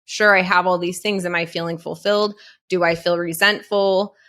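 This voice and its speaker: Earnest woman with a lowish voice. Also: steady tone, normal speed, fairly bright tone. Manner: earnest, reflective, uses rhetorical questions. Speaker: podcast guest, Pilates business coach. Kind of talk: casual conversation.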